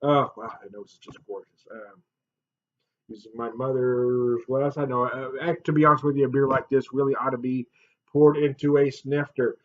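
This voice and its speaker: A man's voice: little pitch movement, moderate pace. Male beer vlogger, casual and joking, laughs a lot; slightly dull lo-fi sound. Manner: chatty and jokey, laughs often, swings up loud and high. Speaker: beer reviewer. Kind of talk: casual beer review vlog.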